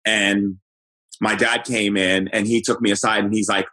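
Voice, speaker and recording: A middle-aged man with a fairly low, husky voice tells a personal story as an interview guest. He talks loosely, searching for words and restarting sentences, in an easygoing conversational manner. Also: normal speed, low-quality recording. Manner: relaxed, conversational recounting. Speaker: shaman guest.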